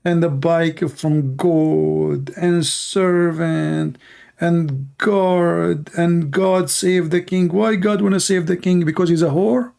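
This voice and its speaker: A man's voice: on the high side, steady tone, takes it slowly, gravelly, a little mellow. A man from the Middle East with a Middle Eastern accent, mocking in blunt broken English on a livestream. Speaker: host. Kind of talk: livestream commentary.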